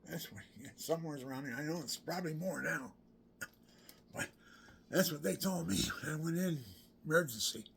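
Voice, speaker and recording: A man in his sixties telling a rambling personal story, drifting between whispered asides and loud exclamations. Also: fairly high pitch, a little fast, vocal fry, pauses often, a little hiss or hum. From Pennsylvania, USA. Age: 60s.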